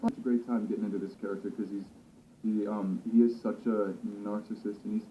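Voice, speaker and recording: A male actor talking about his role in a casual interview, thoughtful and relaxed, with many fillers and restarts. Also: fairly low pitch, a little fast, slight background noise. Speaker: actor discussing his character. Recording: slightly dull, roomy recording.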